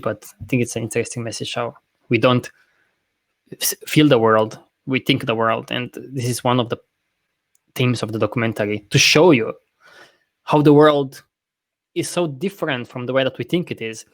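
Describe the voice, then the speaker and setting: Rambling, profane podcast host. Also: male voice, mid-range voice, no room sound. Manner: rambling, profane, self-correcting; laughs often. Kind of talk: casual podcast chat.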